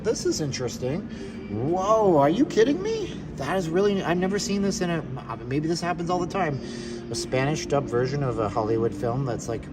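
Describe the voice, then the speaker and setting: A man live-streaming a walking tour of a shopping mall, rambling along with joking asides. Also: medium pitch. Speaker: vlogger. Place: inside a large shopping mall. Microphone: phone held while walking.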